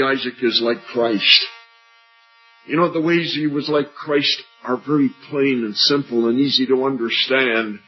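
Older man preaching in a muffled recording. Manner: earnest, rises high for questions and drops low and soft on key phrases. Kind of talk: evangelistic sermon. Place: church meeting. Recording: muffled lo-fi recording with faint music.

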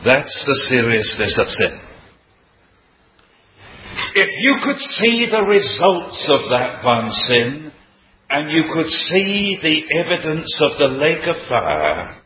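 A man delivers a sermon slowly and deliberately, his fairly high voice rising and falling dramatically for emphasis. The recording is dull and lo-fi, with a faint hiss under it. His voice rings out through a roomy hall. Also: very animated. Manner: emphatic, dramatic preaching with wide swings in pitch. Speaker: preacher.

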